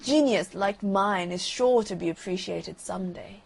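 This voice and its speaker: A conceited male firework rocket holds forth in a grand, self-admiring tone, as a woman puts him on. The voice is gravelly and husky, at a middle pitch. It is a storybook figure who talks down to everyone around him. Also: unhurried. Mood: haughty. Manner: pompous, self-admiring, loud declaiming. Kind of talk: bedtime story reading.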